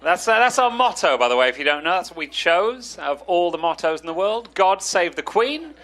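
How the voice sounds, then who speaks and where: A British man doing a dry, deadpan stand-up routine before a live audience. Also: a little high, fairly quick. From Britain. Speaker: stand-up comedian. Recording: live show with audience noise.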